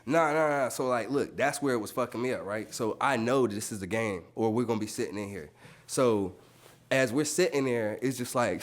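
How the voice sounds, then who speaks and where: A man's voice: fairly low pitch, moderate pace. A man, a tattoo artist, telling stories on a podcast in loose, slangy speech full of swearing, acting out quotes with sudden jumps in his voice. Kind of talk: casual podcast storytelling.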